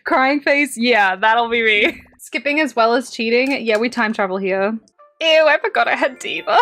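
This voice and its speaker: A young Australian woman chatting over a game as a streamer, excitable, swearing freely and laughing often. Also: a little high, normal speed, soft background music. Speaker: gaming streamer. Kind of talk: casual game commentary.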